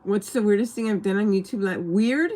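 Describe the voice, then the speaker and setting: A woman's voice: mid-range voice, a little fast, a little mellow. A woman rambling casually on a livestream, answering questions from viewers.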